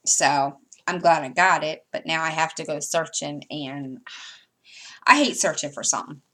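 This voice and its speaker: Sorting floss as she talks, this cross-stitch vlogger from the United States, a middle-aged woman with a faint Southern lilt, rambles to her viewers in a loose, chatty way, often letting sentences fade into fillers. Her voice sits a bit low for a woman yet sounds slightly bright, and she keeps a moderate pace.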